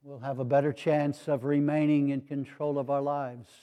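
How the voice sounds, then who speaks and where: An older man, a retired pastor, preaching a sermon with gently humorous storytelling and voices for the people in his anecdotes. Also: mid-range voice, level tone, moderate pace, muffled recording.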